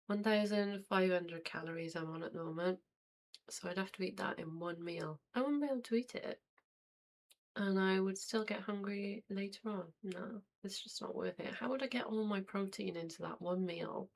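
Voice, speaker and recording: A woman hosting a reaction video, commenting on clips in an unhurried, dry way and thinking aloud. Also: mid-range voice, creaky. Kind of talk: casual commentary over clips.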